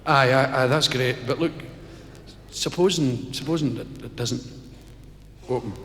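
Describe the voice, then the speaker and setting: Glaswegian comic as a jittery trainee skydiver, stammering, in an echoing live hall. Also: male voice, medium pitch, a little slow, fairly bright tone, a little hiss or hum, voice pushed down, close to an everyday voice. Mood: anxious. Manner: anxious, stammering, repeating himself. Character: nervous Glasgow man learning to parachute. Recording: live concert hall, roomy with reverb.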